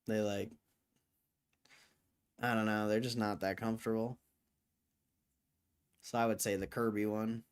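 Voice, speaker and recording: A young man hosting a livestream and answering his chat in a relaxed, slangy way. He fills his talk with easygoing fillers and loose asides. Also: fairly low pitch, unhurried, pauses often, clean tone. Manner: laid-back, slangy, full of "like" fillers. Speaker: livestream host. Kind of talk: casual chat reading viewer comments.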